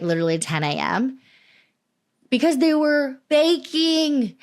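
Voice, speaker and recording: A young woman co-hosting a podcast, talking in a loose, chatty way. Her pitch sits in an ordinary middle range, and she tells stories with lively laughter and quick asides. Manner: chatty, animated storytelling with frequent laughs. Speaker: podcast co-host. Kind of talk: casual chat.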